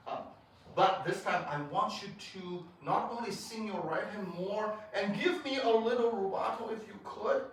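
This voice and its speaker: A man teaching a piano masterclass, coaching a student with emphatic, halting phrases and frequent restarts. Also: high voice, a bit bright, a little hiss or hum. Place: piano studio room. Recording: roomy echo from far off. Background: piano playing.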